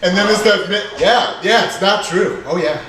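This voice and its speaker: A man with a slight German accent hosting a comedy show, joking in a lively, bawdy way. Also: high voice, moderate pace, heavy reverb, far from the mic, crowd noise, rough recording. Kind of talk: emceeing and banter.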